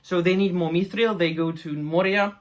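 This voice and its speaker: A man's voice: high voice, steady tone, normal speed. A man reviewing a fantasy show in an exasperated, sarcastic rant, swearing now and then. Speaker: YouTube reviewer.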